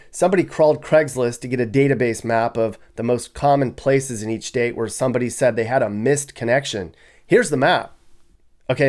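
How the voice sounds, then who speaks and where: A man's voice: medium pitch, a little mellow. Wry young man riffing on maps. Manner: wry, sarcastic, chuckles often. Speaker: vlogger. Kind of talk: casual commentary on maps.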